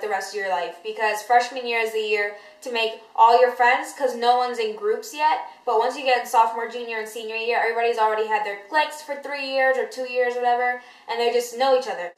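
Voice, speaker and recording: Chatty teenage girl, slightly high voice. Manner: animated storytelling, many likes and you-knows. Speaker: vlogger. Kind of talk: casual chatty vlog. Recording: roomy echoey room.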